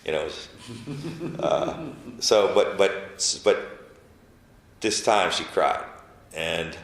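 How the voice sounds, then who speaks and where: Man, very low voice, gravelly, halting emotional storytelling, echoey room. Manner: halting, emotional, many restarts, drops to a soft voice when quoting. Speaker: interview guest. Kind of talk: personal storytelling interview.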